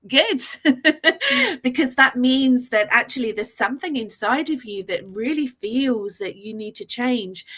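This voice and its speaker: A woman hosting an online summit, giving effusive introductions with a slightly higher voice. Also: sharp tone. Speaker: host.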